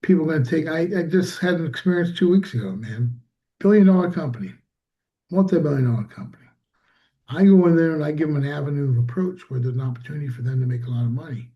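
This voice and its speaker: A man's voice: on the high side, fast talker, muffled recording. A man, a small business owner, telling a story in casual conversation and acting out quoted dialogue.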